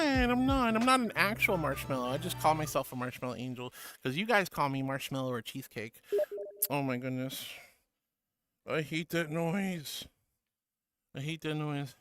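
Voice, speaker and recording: A woman's voice: low voice, lively intonation, a little fast, a bit bright. A woman streamer chatting casually on a livestream, bubbly and giggly, reading chat messages aloud. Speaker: VTuber streamer. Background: background music.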